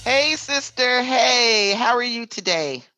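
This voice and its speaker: An American woman co-hosting a podcast, soft-spoken and thoughtful, with quiet murmurs of agreement. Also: fairly high pitch, lively intonation, takes it slowly, no echo, soft background music. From United States. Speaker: podcast co-host. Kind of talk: casual podcast chat.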